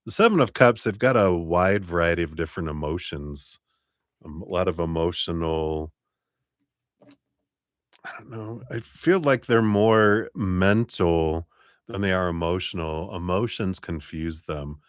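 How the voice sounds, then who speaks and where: A tarot reader with a very low voice does card readings for viewers on a live stream, speaking unhurriedly in a chatty, relaxed manner. He laughs a lot and stretches out words for emphasis, and the audio is dry and close with no echo.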